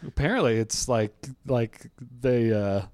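A man's voice: mid-range voice, a little slow, darkish tone, no echo. Joking New York man, dry sound. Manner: joking, laughs often, trails off with fillers. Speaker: comedian podcast host. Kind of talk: casual chat. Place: hotel room. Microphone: remote call with headphones.

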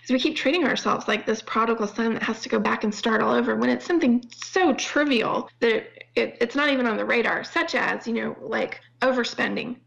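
A middle-aged woman talking earnestly about faith in a halting way, often restarting her sentences. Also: on the high side, creaky, fairly bright tone, rough recording. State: near tears at times. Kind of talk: faith-based conversation.

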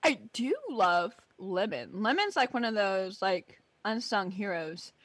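A woman's voice: medium pitch, lively intonation, unhurried, fairly bright tone, no echo. A woman co-hosting a podcast in casual chat, chatty and enthusiastic, often laughing. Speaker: podcast co-host. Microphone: camera in front of her face.

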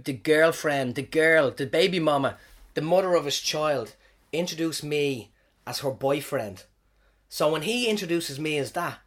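An Irish comedian hosting his podcast, telling stories about his gigs in an animated, swearing, self-mocking way. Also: fairly high pitch. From Ireland. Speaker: stand-up comedian, podcast host. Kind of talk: casual storytelling monologue.

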